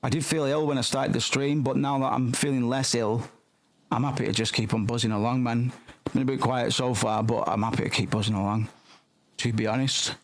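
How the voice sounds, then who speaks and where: A man's voice: medium pitch, steady tone, a little fast. A man streaming a horror game, rambling casually and swearing as he plays along with the characters. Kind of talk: casual gameplay commentary.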